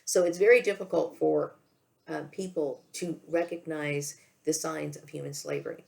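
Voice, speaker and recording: A woman talking straight to camera in a halting, emotional monologue, repeating herself, stopping to say okay, and fighting back tears. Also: sits low, fairly even intonation, vocal fry, a little mellow. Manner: halting, repeats words, often says okay. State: tearful, emotional. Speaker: vlogger.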